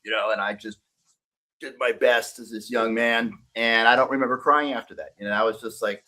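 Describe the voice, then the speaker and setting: A man's voice: medium pitch, fairly even intonation, a little fast, pushed and bright. Candid, profane man telling his story. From Northern California. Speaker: guest. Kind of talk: casual podcast conversation.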